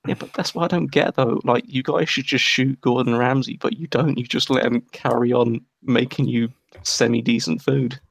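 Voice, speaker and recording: A man with an English accent jokes crudely and sarcastically as he co-hosts a livestream. His voice is gravelly and sits in a dry, close sound. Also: mid-range voice, fairly even intonation, normal speed, hardly any pauses, dry recording. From England. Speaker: livestream co-host. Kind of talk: casual chat.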